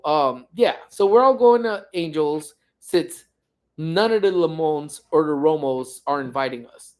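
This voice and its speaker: A man hosting a casual livestream from home, reading viewer comments and rambling along with jokes and teasing. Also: on the high side. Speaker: livestream host.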